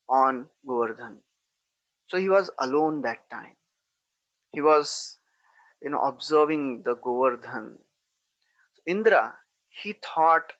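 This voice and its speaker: A male preacher telling a scripture story, leaning on 'you know' and chanting Sanskrit verses now and then. His voice sits on the high side for a man. The sound is dry and close, with no room around it. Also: a bit bright, dry recording, poor audio.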